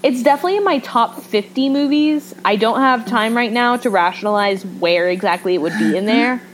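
A woman's voice: on the high side, fairly quick, rough recording. Young female co-host, gushing and playful, casual chat, faint room noise. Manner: enthusiastic, gushing, jokey. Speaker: podcast co-host.

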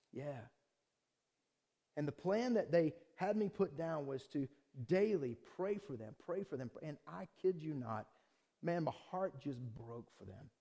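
Middle-aged man, pastor, sermon with personal testimony, fairly high voice, conversational, swings from hushed to shouting.

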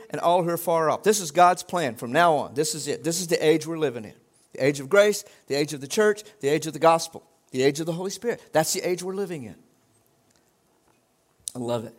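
Speaking in a high-pitched voice, a middle-aged pastor delivers his sermon in a conversational way. As he goes on, it builds into emphatic exhortation.

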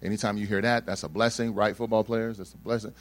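Speaking fast in a lowish voice, a young man shares a personal story before an audience. He animatedly plays the characters in it and trades jokes with the crowd.

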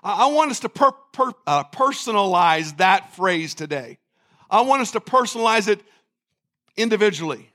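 A man's voice: high voice, lively intonation, moderate pace, bright, forceful tone. A man pastor preaching a communion sermon, leading the congregation in repeated phrases and fervent prayer. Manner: preaching with call-and-response and repetition, fervent prayer.

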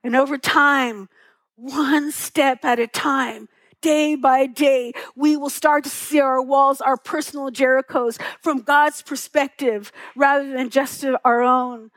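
A middle-aged woman preaches with a bright, high voice, tender and earnest as she tells stories and asks rhetorical questions. Her voice comes through a close mic, dry with no room echo. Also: steady tone, slow pace. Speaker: pastor. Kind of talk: sermon.

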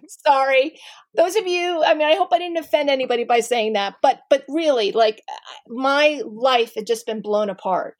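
Middle-aged woman, personal storytelling, candid, halting ums, dry close sound. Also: on the high side, dry recording. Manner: candid, animated, many ums and restarts.

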